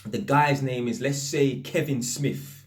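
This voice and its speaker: An electrician with a British accent packed with London street slang casually tells stories to camera in a lively, anecdotal way. His voice is mid-range and his pace measured.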